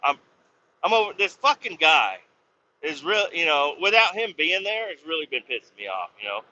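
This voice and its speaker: Bright-voiced profane man ranting. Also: a little high, big pitch swings, moderate pace. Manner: profane, rambling rant. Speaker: podcast host. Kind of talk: casual storytelling. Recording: slightly dull lo-fi sound with faint noise.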